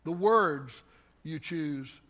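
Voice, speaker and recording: A man's voice: a little high, lively intonation, very slow, fairly bright tone. An older man preaching a sermon on marriage as pastor, telling folksy family stories and building to emphatic exhortation.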